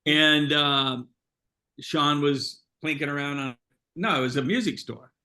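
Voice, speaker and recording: A man's voice: fairly high pitch, a little slow, pushed and bright. A man hosting a casual chat who rambles, with many fillers and restarts. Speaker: host.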